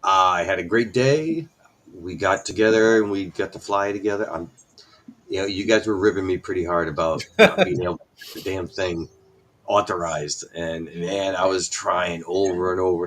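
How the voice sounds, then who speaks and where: A man guest on a live stream, telling a story in animated fashion and acting out quotes. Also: low voice, moderate pace. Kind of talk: casual chat.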